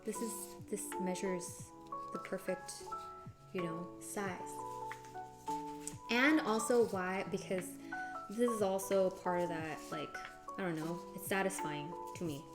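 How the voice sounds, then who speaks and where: A woman on a casual cooking stream, thinking aloud, reading chat and answering it, now and then breaking into high, excited exclamations. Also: unhurried, long pauses. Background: background music.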